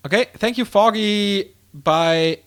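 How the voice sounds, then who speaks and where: A man casting a strategy game on his own, calling the action in quick play-by-play and rambling casually to viewers between games. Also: high-pitched, smooth. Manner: excitable play-by-play, drifting into loose rambling asides between games. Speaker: esports caster. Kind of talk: solo game commentary with casual chat.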